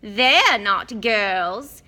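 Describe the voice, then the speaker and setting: A woman's voice: medium pitch, animated, drawn-out words, pushed and bright, exaggerated voice. A woman reading an audiobook, voicing the ghost of a teenage girl who wails and weeps dramatically. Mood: tearful wailing. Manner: wailing, dramatic, tearful. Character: weepy self-pitying ghost of a teenage girl.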